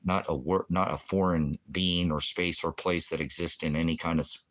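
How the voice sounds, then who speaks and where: A man's voice: low voice, fairly even intonation, normal speed, fairly bright tone. A man hosting a ministry stream, ranting in a rambling, combative way, full of puns and profanity. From Oregon, USA. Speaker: ministry host.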